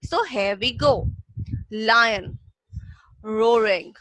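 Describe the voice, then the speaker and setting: A woman's voice: on the high side, very slow, fairly bright tone, no room sound, rough recording. A woman teacher explaining a lesson patiently, repeating key points for young students. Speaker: English teacher. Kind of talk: classroom reading lesson.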